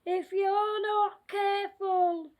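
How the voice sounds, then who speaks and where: A woman voicing a menacing disembodied scary voice that threatens children, in slow, drawn-out sing-song tones. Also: very high-pitched, level tone, a little mellow.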